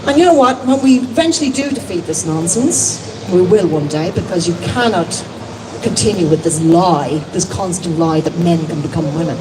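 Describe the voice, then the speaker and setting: Irish woman giving a speech outside, kinda low voice, lots of ums, mic a bit far off, noisy street. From Ireland. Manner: earnest, halting with many ums. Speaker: rally speaker. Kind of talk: outdoor public speech. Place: outdoor public speaking event. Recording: distant mic with loud street noise.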